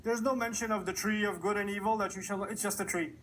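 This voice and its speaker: A man's voice: high-pitched, fast, poor audio. Man lecturing, storytelling, rhetorical questions, faint room noise. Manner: animated storytelling, rhetorical questions, acts out quotes. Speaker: preacher. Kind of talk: Quran commentary lecture. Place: lecture hall.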